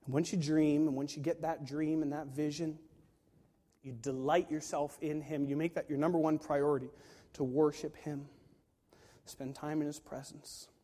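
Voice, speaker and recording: A man's voice: on the high side, flat delivery, moderate pace, warm tone. A man preaching a sermon to a congregation, emphatic and full of rhetorical questions. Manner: emphatic, rhetorical questions, acts out quoted voices. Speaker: pastor. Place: large room with a live congregation. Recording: long hall reverb.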